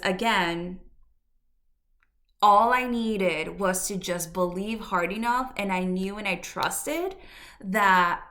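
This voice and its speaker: Slow, reflective woman podcast host. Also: medium pitch, a bit bright. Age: adult. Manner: slow, reflective, candid with fillers and laughs. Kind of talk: personal storytelling.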